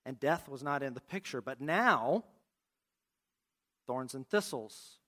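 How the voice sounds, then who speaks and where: A man preaching a sermon, reading scripture aloud and asking the congregation questions in an expressive way. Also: medium pitch, takes it slowly. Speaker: pastor.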